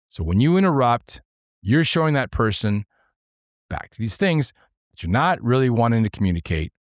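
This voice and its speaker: A man hosting a podcast on his own, explaining leadership ideas step by step in numbered points, earnest and sometimes excitable. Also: mid-range voice, no room sound, clean studio sound. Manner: excitable at times. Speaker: podcast host. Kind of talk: solo podcast talk on leadership.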